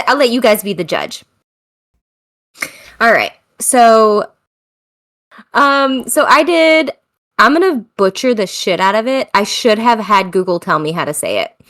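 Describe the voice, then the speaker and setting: A woman's voice: mid-range voice, fairly bright tone. Chatty American woman podcast host. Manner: chatty, laughs often, loose and self-mocking. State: tired. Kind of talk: casual chat.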